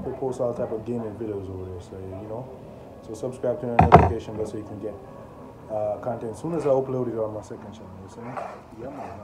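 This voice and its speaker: A Jamaican man hosting a casual music reaction, talking excitedly and often asking "you see me?". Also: on the low side. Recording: echoey room with background noise.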